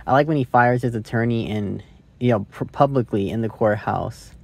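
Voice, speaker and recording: Gravelly, husky young man rambling. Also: mid-range voice, moderate pace, darkish tone, no room sound. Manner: rambling, curse-laden, thinks aloud with many likes and rights. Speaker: movie reviewer. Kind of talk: casual rambling movie review. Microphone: phone.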